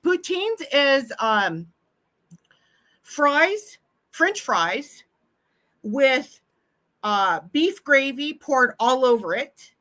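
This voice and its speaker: Speaking extremely slowly with long pauses, a middle-aged livestream host from Washington State chats casually and laughs frequently. Her high voice has big pitch swings, a sharp tone, and a Pacific Northwest American accent.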